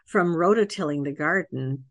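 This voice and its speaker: A middle-aged woman, a podcast guest, telling a lively faith-based story from her own life and laughing often as she acts out the voices of the people in it. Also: sits low, moderate pace, no echo. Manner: faith-based, earnest testimony. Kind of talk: conversational storytelling.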